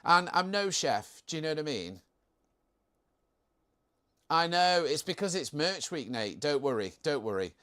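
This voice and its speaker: A man's voice: a little high, big pitch swings, a little slow, pauses often, sharp tone. A young man hosting a casual live stream, chatting in a jokey way and reading out viewer comments.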